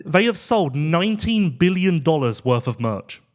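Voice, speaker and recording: A man hosting a motorsport podcast with a lively, bouncing delivery. His voice sits a little high, and he keeps the chat playful and quick to laugh. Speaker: podcast host.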